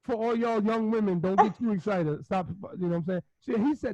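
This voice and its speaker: A middle-aged man co-hosting a podcast, telling rambling, animated stories in casual chat, laughing often and acting out what people said. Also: sits high, brisk, dry recording. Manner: animated, rambling storyteller who laughs often and acts out quotes. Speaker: podcast co-host. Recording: dry, slightly muffled podcast recording.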